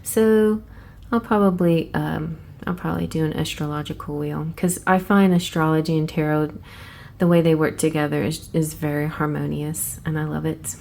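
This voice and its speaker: A woman hosting a casual flip-through review of an oracle deck, chatty and excitable, thinking aloud and restarting her sentences. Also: sits low, normal speed, creaky, slight background noise. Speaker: tarot channel host.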